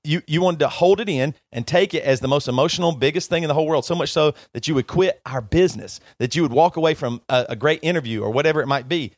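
A man's voice: a little high, quick pace, few pauses, dry recording, clean studio sound. Emotional, pleading male podcast co-host. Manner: emotional, pleading, talks over others. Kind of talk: heated argument between friends.

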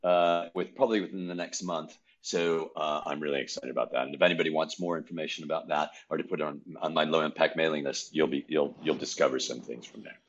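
A man's voice: very deep voice, fairly even intonation, fast talker, hardly any pauses, highs cut off. A man guesting on a podcast, chatting in a playful, rambling way with lots of restarts. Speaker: podcast guest, improv director. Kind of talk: casual chat.

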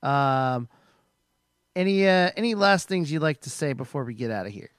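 Laid-back host with a dry, close sound. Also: male voice, on the high side, animated, moderate pace, smooth, dry recording. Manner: laid-back, laughs along, profane. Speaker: podcast host. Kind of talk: casual chat.

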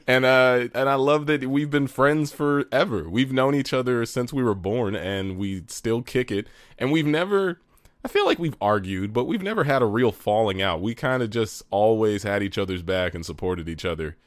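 A man's voice: mid-range voice, moderate pace, dry recording, clean studio sound. A man co-hosting a casual podcast, rambling with frequent restarts and laughter, talking into his own mic over a remote call. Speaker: podcast co-host. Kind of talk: casual chat.

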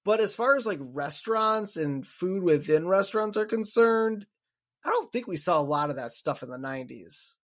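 A man's voice: high voice, animated, moderate pace. A man from Wisconsin co-hosting a podcast in casual chat, blunt and swearing freely, laughing often. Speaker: podcast co-host.

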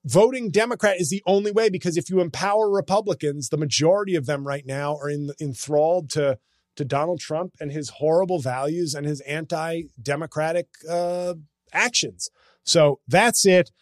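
A man's voice: on the high side, normal speed, no echo, clean studio sound. A man hosting a casual comedy podcast, talking in a sarcastic, ranting, self-mocking way.

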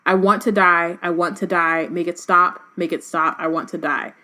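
A man's voice: high-pitched, steady tone, moderate pace, pushed and bright. A woman reading aloud the pleas of a broken, suffering old wizard, in her own everyday voice. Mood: anguished.

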